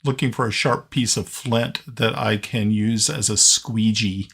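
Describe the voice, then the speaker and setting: Slow gravelly husky man at game table. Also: lowish voice, fairly even intonation, fairly bright tone. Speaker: player. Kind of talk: casual chat.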